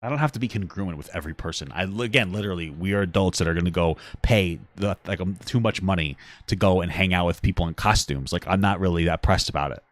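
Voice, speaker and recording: A man co-hosting a podcast, ranting with a lot of swearing and swinging between low mutters and yelling. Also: fast, few pauses, no room sound. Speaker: podcast co-host. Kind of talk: casual podcast chat.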